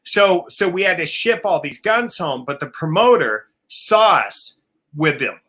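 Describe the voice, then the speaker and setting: On a casual live video call, a man whose family is from Oklahoma tells wild road stories, laughing often, swearing freely, and acting out other people's voices. His voice is on the high side and a bit bright, with big pitch swings and a slightly slow pace.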